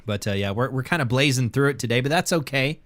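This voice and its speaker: A man's voice: medium pitch, lively intonation, fast, a bit bright. A young man co-hosting a podcast in casual chat, rambling with repeated words and frequent laughs. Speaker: podcast co-host.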